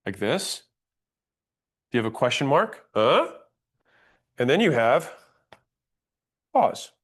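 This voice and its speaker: A man's voice: medium pitch, very animated, husky. Emphatic man teaching sales tone. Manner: emphatic, demonstrates pauses and inflection, blunt. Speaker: sales trainer. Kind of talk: instructional talk on sales tonality.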